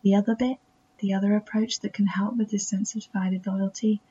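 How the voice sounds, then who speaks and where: A woman podcast host with a self-taught English accent, speaking in a soft, reflective monologue that keeps slipping into near-whispers. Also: medium pitch, steady tone, a little fast, slight background noise. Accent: self-taught English accent that drifts toward American. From England. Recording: dull, muffled recording.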